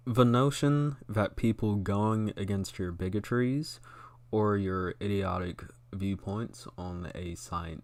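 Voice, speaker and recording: Young male streamer, lowish voice, sarcastic and mocking, heavy swearing, close mic, casual commentary. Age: young adult. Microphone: close studio mic.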